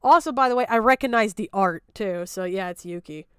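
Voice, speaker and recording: A woman streaming herself as she reacts to a video, mocking it loudly and breaking into bursts of laughter. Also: medium pitch, brisk, clean tone, no room sound. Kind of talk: casual live-stream commentary.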